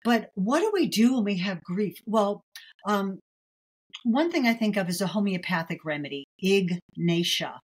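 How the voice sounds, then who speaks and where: A middle-aged woman, a herbalist guest, talking in a gentle, chatty way with many fillers in a casual interview. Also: medium pitch, big pitch swings, normal speed, breathy edge, rough recording.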